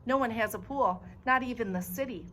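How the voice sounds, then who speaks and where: Young girl taking charge, read by a woman, urgent, bright, storybook. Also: a little high, brisk, slight background noise, natural voice. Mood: reassuring. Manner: urgent, commanding, raised voice.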